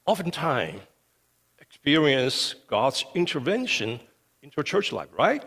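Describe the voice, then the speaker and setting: Lively preaching man in a reverberant hall. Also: a little high, a little slow, gravelly, slightly rough. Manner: emphatic, repeats "okay" often. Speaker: pastor. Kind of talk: sermon. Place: church sanctuary. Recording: long reverb of a church hall.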